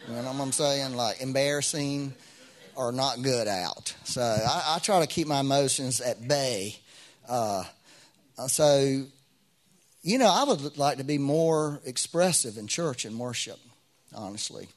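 A man's voice: medium pitch, animated, a little slow. A middle-aged man preaching a sermon as pastor, in a conversational way with frequent restarts and rising bursts of emphasis.

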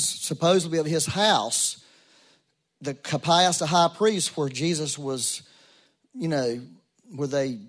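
A male pastor delivers a sermon in a church room. He talks in an easy storytelling way and climbs to emphatic, ringing peaks. His voice sits a little higher than most men's. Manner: conversational storytelling, rising to emphatic.

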